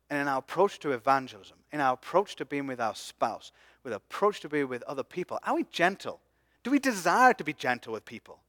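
A man preaching a sermon as pastor, passionate, swinging from hushed asides to loud emphatic peaks. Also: on the high side, no room sound, studio quality.

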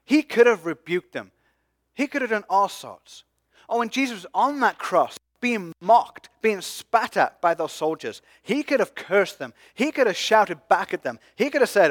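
A man preaching a sermon as pastor, passionate, swinging from hushed asides to loud emphatic peaks. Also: sits high, sing-song, normal speed, dry recording, studio quality.

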